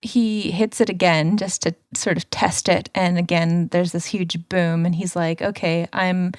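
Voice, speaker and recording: In an unhurried, lowish voice, this podcast co-host chats through a cartoon episode and performs the characters' dialogue with lively storytelling. The studio-quality recording has no echo.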